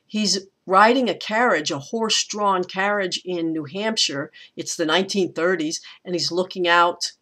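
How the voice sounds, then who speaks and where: A woman with a fairly low voice gives a recorded poetry lecture. She talks in a thoughtful, unhurried way, pausing, restarting and filling gaps as she works through her points. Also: sharp tone. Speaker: teacher.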